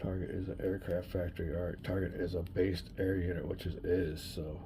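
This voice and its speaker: Deep gravelly man narrating a board game. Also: brisk, very noisy. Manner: relaxed, chatty, thinks aloud while rolling dice. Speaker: board game player and channel host. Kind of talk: solo wargame playthrough commentary.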